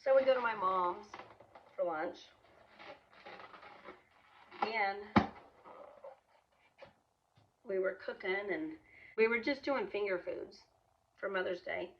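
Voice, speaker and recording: A woman's voice: mid-range voice, slow pace, long pauses, dull audio. A woman in her thirties casually telling a personal story, chatty, with frequent fillers, restarts and laughs. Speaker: vlogger, single mom.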